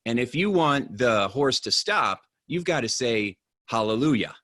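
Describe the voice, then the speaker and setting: A man's voice: medium pitch, lively intonation, unhurried, sharp tone. Patient male rancher, plain and insistent, voiced by a presenter.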